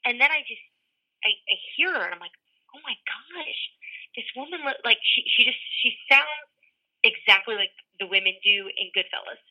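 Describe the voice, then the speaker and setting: A woman's voice: medium pitch, lively intonation. A woman working as a football reporter, chatting casually and laughing at herself during an interview over the phone. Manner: chatty, self-deprecating, quick to laugh. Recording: muffled phone line.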